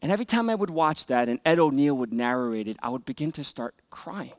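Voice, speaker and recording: A man preaching a sermon as a pastor, earnest, rising for emphatic scripture readings and dropping to soft, hushed asides. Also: medium pitch, expressive, fairly quick.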